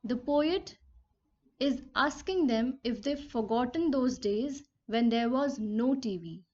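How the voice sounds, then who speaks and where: A woman explains a poem line by line, speaking very slowly and deliberately in a somewhat high voice. She repeats and rephrases each idea the way a patient teacher does. The recording is dull and a little lo-fi. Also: expressive, darkish tone. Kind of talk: poetry lesson explanation.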